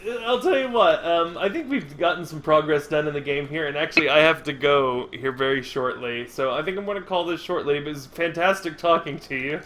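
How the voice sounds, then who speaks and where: A man's voice: on the high side, brisk, few pauses, a bit bright, slight background noise. A man hosting a casual game stream, chatting playfully and spinning absurd jokes.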